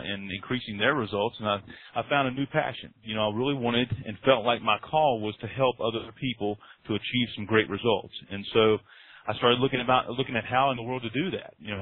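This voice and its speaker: A man's voice: mid-range voice, no room sound. A man from North Carolina with a Southern accent, telling his story as a client guest on a conference call in an earnest, self-deprecating way. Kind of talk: testimonial talk on a conference call. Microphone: phone call. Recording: dry phone-line audio.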